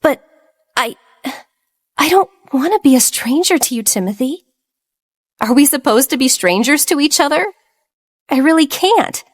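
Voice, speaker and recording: A woman's voice: high-pitched, lively intonation, moderate pace, pauses often, voice pushed up. A woman voicing a heartbroken young woman who pleads in a choked, trembling voice. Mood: sobbing.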